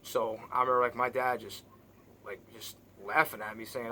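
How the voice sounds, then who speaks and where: A man's voice: medium pitch, steady tone, brisk, bright, forceful tone, slight background noise. A man telling his own story in a rambling, blunt way, with many restarts and fillers and casual swearing. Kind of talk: personal monologue.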